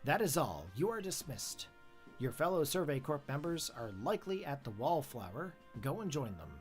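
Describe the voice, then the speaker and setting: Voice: mid-range voice, sing-song, normal speed, faint music behind, close to an everyday voice. A streamer reading the lines of a stern male commander of a survey team from a game on a live stream, in a formal, clipped manner.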